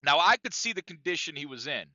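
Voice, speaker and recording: A man's voice: fairly high pitch, very animated, fast talker, bright, forceful tone, no echo, dull audio. A man co-hosting a podcast, telling a story in a casual, profane and emphatic way that often circles back on itself. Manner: profane, emphatic, repeats himself. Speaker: podcast co-host.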